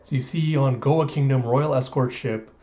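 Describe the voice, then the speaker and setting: A man's voice: medium pitch, normal speed, warm tone. A man retelling a comic chapter in a casual recap, loose and full of asides, as a reviewer on a dull lo-fi recording. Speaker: manga reviewer.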